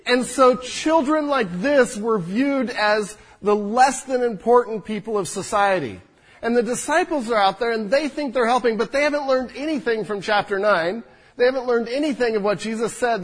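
A man preaching a sermon as pastor, animated and full of restarts. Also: very high voice, moderate pace, rough recording. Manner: animated, restarts often, drops soft when speaking to children. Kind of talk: sermon with children up front. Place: church sanctuary.

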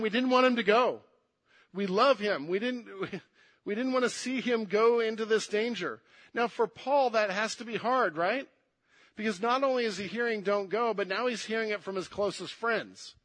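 High-voiced man preaching a sermon. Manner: swings between hushed and emphatic delivery; repeats words when pressing a point.

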